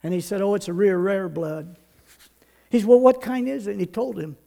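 An older man preaching a sermon, building to loud emphatic repetition and then dropping to quiet storytelling. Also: high voice, a little fast, gravelly. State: out of breath.

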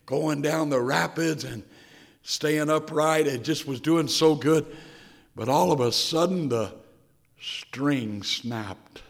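Slow and a bit high, with vocal fry, this male preacher tells an emotional story in his sermon and works up to passionate pleas. He also breaks into a hymn for a moment.

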